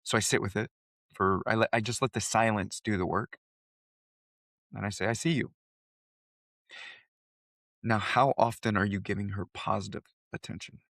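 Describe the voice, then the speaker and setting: Guy coach telling a story, lowish voice, earnest, dry sound. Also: steady tone, moderate pace, vocal fry, pauses often, fairly bright tone, dry recording. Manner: earnest storytelling, speaks with conviction. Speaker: coach and podcast co-host. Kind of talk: casual chat.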